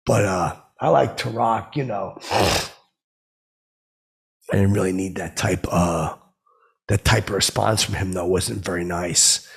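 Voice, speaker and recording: A man's voice: deep voice, measured pace, gravelly, pauses often, slightly rough. A man telling a comic story in a stammering, rambling way, like a podcast host. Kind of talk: comedic rambling monologue.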